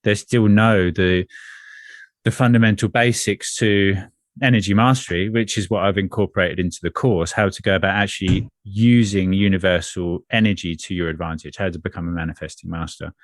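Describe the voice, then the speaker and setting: A man speaking as an energy coach in a spiritual conversation, earnest and measured, often repeating phrases. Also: low-pitched, steady tone, dry recording, studio quality.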